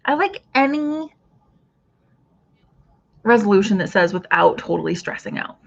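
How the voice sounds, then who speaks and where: A woman hosts a relaxed craft livestream in a middle-pitched voice. She rambles warmly through viewer comments, restarting her thoughts as she goes. The recording is muffled and lo-fi. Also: a little slow, creaky. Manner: chatty, reads out viewer comments, trails off and restarts. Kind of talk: casual livestream chat with viewers.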